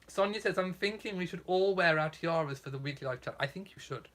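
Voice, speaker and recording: A man's voice: high voice, brisk, a bit bright. A man hosting a casual live chat, reading out viewer comments in a camp, theatrical, self-mocking way.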